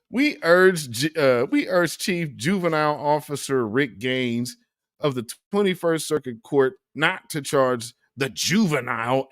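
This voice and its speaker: Animated man reacting to the news. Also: mid-range voice, dry recording, clean studio sound. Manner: animated, incredulous, reads quotes then reacts. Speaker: news commentary host. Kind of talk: casual news commentary.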